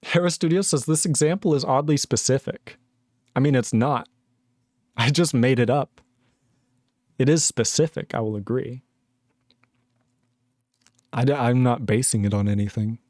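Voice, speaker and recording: A young man in his twenties ranting casually on a live-coding stream, reading chat aloud, animated and sweary. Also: mid-range voice, normal speed, pauses often, no echo, clean studio sound. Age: 20s.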